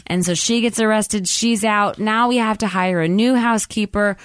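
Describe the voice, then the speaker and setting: A woman's voice: mid-range voice, fairly even intonation, normal speed, clean tone, dry recording. A woman co-hosting a podcast, casually recapping a movie plot in a rambling way with lots of fillers. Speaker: podcast co-host.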